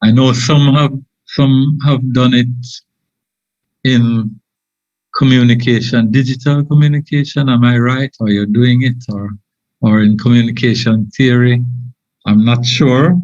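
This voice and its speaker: A man giving an informal engineering lecture, halting often with fillers and restarts. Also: medium pitch, fairly even intonation, a little mellow, dry recording. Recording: dull lo-fi dry audio.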